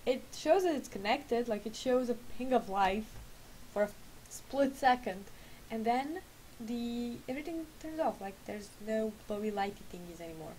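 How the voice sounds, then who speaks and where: A woman in her late twenties, a vlogger and gamer still drowsy from bed, chats casually at home, wandering and correcting herself. Her slightly high, darkish voice has lively intonation at a moderate pace, on a low-quality recording with slight background noise.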